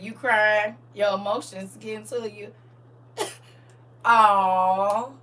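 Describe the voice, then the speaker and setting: A woman hosting a casual livestream, reading viewer comments aloud in a lively, colloquial way, laughing often and speaking straight to her audience. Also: on the high side, takes it slowly. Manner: colloquial, with church-style encouragement. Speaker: livestream host.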